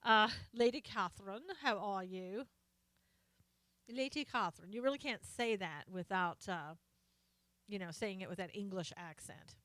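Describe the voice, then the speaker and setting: A woman hosts a casual live stream, greeting viewers by name and reading their comments aloud. Her voice is smooth and clear at a middle pitch. She talks loosely, trailing off into fillers, on a dry, close mic. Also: normal speed, a bit bright, no echo.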